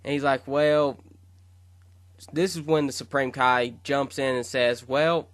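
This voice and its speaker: A man's voice: medium pitch, fairly even intonation, moderate pace, fairly bright tone, no echo. Rambling man telling his fan story. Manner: rambling, with fillers and self-corrections. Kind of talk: casual retelling of a fan fiction story.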